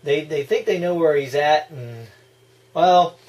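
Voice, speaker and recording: A man giving casual, excitable movie reaction commentary, gushing and breaking into laughs and yells. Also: fairly high pitch, unhurried.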